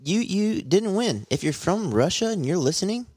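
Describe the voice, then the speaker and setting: A man co-hosting a casual podcast, swearing freely as he riffs in a blunt, mocking way. His pitch swings widely from line to line. The sound is close and dry, with no room around it. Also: animated, moderate pace, darkish tone, breathy edge, dry recording. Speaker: podcast co-host. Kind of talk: casual profane banter.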